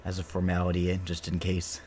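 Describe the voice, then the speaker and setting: A man's voice: sits low, completely flat delivery, fairly quick, darkish tone, slight background noise. A young man from Illinois with a Midwestern, Ohio-leaning accent, chatting casually as a game streamer, rambling with lots of filler words. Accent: Midwestern American, Ohio-leaning. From Illinois, USA. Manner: rambling, filler-heavy, easygoing. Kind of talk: casual chat while streaming.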